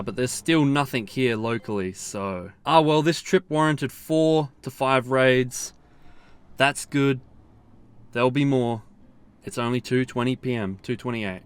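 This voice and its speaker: A man, chatting excitedly and casually as he plays a mobile game. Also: medium pitch, clean tone. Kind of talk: casual running commentary while playing.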